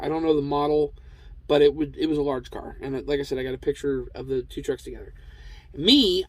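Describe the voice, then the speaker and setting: A truck driver telling a casual, rambling story, with lots of fillers and restarts. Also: male voice, a little high, darkish tone, no room sound, rough recording.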